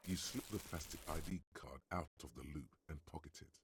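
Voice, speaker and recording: A man's voice: moderate pace, background noise. A man voicing a game's second-person narrator, telling the action in a dry, wry way. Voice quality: very deep, gravelly, husky. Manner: dry, wry, gravelly storyteller. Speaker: game narrator.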